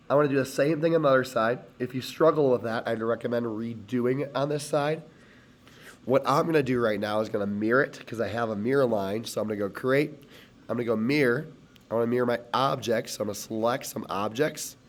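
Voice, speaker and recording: A hoarse man teaching, talking step by step through a screen-recorded CAD tutorial as he clicks. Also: fairly low pitch, a little mellow. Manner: step-by-step, talks while clicking.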